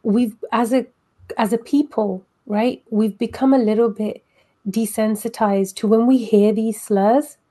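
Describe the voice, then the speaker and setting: Woman, host, mellow tone, slightly high pitch, encouraging, affectionate replies. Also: steady tone, unhurried. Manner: warmly encouraging listener, brief affirmations. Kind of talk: casual conversation.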